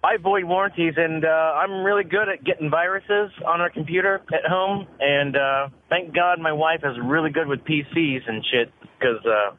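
Drunk man rambling over a phone line. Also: on the high side. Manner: rambling, halting with many fillers. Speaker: caller. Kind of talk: casual phone call to a radio show. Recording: tinny phone line with hiss.

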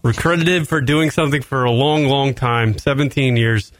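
A man co-hosting a comedy talk podcast, telling stories in a profane, animated way with lots of fillers. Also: medium pitch, normal speed, no echo. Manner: animated, swears constantly, frequent fillers. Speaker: podcast co-host.

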